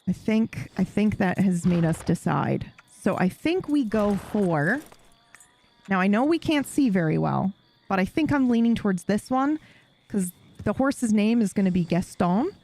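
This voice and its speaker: A woman's voice: mid-range voice, animated, unhurried, darkish tone, a little hiss or hum. A woman streamer chatting casually with her live audience while playing a game, swearing freely and laughing often.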